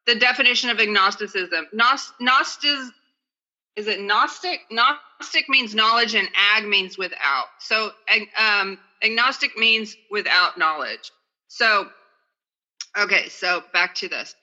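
A woman's voice: mid-range voice, a little slow, pushed and bright, muffled recording. A woman speaking at a recovery meeting over a phone video call, in casual, chatty and self-deprecating talk, sometimes reading aloud.

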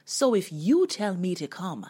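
A woman's voice: on the low side, sing-song, measured pace, darkish tone, slightly rough, full character voice. A woman voicing a bold male disciple who earnestly pleads to be called out onto the water. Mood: earnest pleading.

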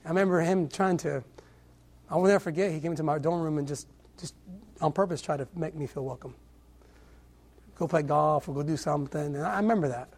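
Young male preacher, husky, earnest testimony with stammered restarts. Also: a little high, fairly quick, pauses often, darkish tone. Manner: earnest, repeats words often, stammering restarts. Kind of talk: sermon testimony.

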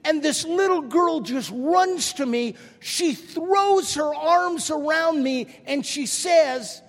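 A man's voice: very high voice, slow, hardly any pauses, long reverb tail. An older man preaching a sermon, telling stories with self-deprecating humor and speaking straight to his congregation. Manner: directly addresses the congregation. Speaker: pastor.

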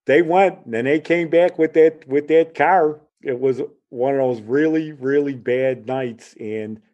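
A man's voice: medium pitch, unhurried, muffled recording. A middle-aged man from Chicago telling a personal story in a casual way, acting out the voices of the people in it. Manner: animated, acts out the voices in his story.

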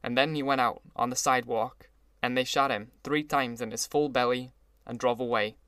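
A man voicing a gloomy, sentimental older gangster, speaking slowly and with heavy emphasis. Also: medium pitch, steady tone, a bit bright, clear, resonant tone, no room sound, studio quality, lightly acted. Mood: matter-of-fact. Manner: brooding, slow, emphatic.

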